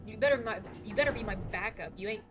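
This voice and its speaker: A woman streaming a game live, talking loudly and exasperated, swearing a lot and laughing between outbursts. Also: mid-range voice, fast, background noise. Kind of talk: live gameplay commentary.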